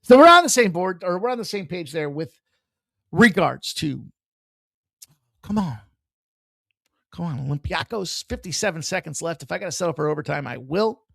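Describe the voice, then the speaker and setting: A man hosting a live sports betting stream, brash, excitable and profane as he rattles off picks and jokes. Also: a little high, moderate pace, creaky, long pauses, no echo, studio quality. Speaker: sports betting show host. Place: room with a hockey banner on the wall.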